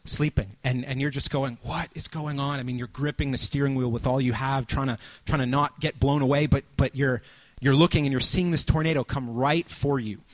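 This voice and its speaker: A man preaching a sermon, telling a vivid story that he acts out with sudden loud cries and hushed, quiet lines. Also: mid-range voice, steady tone, brisk.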